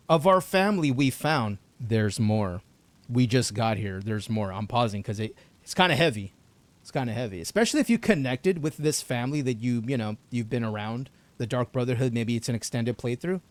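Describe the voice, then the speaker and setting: A man's voice: mid-range voice, lively intonation, moderate pace, dry recording. A young man streaming a video game, chatting casually and slangily with viewers, swearing and reacting to the game. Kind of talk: live gameplay commentary.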